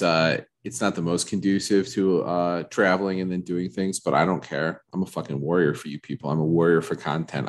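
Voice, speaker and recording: Rambling low-voiced man hosting a podcast. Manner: rambling, self-mocking, repetitive riffs. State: congested from allergies, a bit froggy. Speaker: podcast host. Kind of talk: casual solo podcast chat. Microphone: studio microphone.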